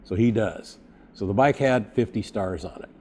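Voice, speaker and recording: Man, middle-aged, low voice, mellow tone, casual storytelling, acts out the dialogue. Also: normal speed, a little hiss or hum. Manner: animated storyteller acting out quoted dialogue. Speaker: podcast guest, custom bike builder.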